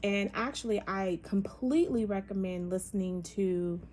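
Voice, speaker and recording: A woman talks her way through a casual opinion monologue with plenty of emphasis and life, tripping over fillers and restarting her sentences. She sits in the middle of the usual female pitch range. A faint hiss of noise hangs under her voice. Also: moderate pace, a little mellow. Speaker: podcast host.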